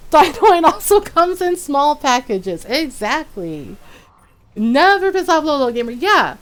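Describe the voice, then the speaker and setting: A woman streamer chatting casually while gaming, telling animated stories and laughing often. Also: high-pitched, unhurried, slight background noise.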